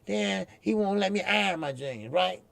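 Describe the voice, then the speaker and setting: A man's voice: high-pitched, animated, moderate pace, vocal fry, a crowd in the background. A man hosting a boxing talk stream, rambling and profane, repeating himself as he talks. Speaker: boxing show host. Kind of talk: casual live-stream commentary.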